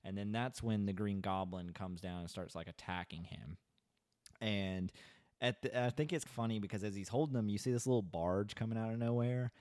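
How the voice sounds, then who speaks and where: A man's voice: fairly low pitch, normal speed, darkish tone, dry recording, studio quality. A man co-hosting a podcast, casually retelling a movie's plot in a loose, rambling way full of "like"s. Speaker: podcast co-host. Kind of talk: casual movie recap chat.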